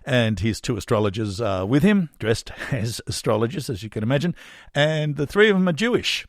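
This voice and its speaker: A man's voice: medium pitch, animated, brisk, no echo. Wry Australian man, dry close mic. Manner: chatty, wry, rambling with fillers. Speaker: podcast host and songwriter. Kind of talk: casual podcast monologue.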